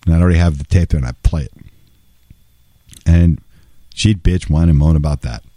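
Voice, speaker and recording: A man's voice: very deep voice, moderate pace, dark tone, dry recording, clean studio sound. A male voice-over artist telling a casual story in a wry, conversational way, with some salty language.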